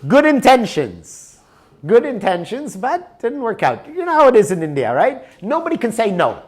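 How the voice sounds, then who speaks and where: Animated man presenting a workshop. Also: extremely high pitch, a little fast. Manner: conversational, checks in with the audience. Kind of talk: live workshop talk with an anecdote. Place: workshop room.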